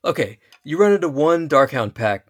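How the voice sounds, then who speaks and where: A man hosting a podcast in casual chat, wry and quick to laugh. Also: on the high side, big pitch swings. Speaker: podcast host.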